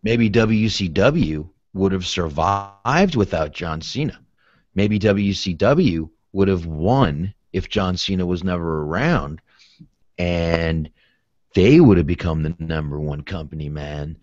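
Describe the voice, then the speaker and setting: A man hosts a podcast in loose, joking talk, cursing often and dropping into goofy impressions. His voice sits low. The sound is dry and dull, with no room around it. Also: lively intonation, slow, darkish tone, no echo. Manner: joking, profane, does silly voices. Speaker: podcast host. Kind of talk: casual chat.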